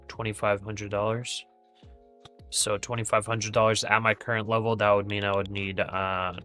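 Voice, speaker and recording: Male trading-stream host, casual, rambling; bright, forceful tone. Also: fairly low pitch. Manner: chatty, thinks aloud with fillers and restarts. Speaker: day trading livestream host. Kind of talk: casual live trading commentary.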